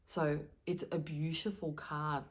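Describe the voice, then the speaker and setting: Low-voiced woman giving earnest spiritual advice. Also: little pitch movement, slow. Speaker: spiritual card reader. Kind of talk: direct-to-camera spiritual message.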